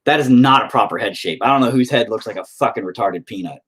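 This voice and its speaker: A man's voice: lowish voice, quick pace, fairly bright tone, breathy edge. A man talking to himself while painting, casual, profane and self-mocking, rambling and frustrated as he thinks aloud. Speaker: painting vlogger.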